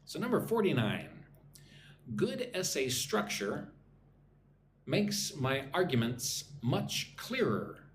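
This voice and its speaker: A man's voice: medium pitch, very animated, slow, slight background noise. A man teaching an English lesson on a live stream, sounding out words syllable by syllable, repeating phrases and greeting viewers in the chat.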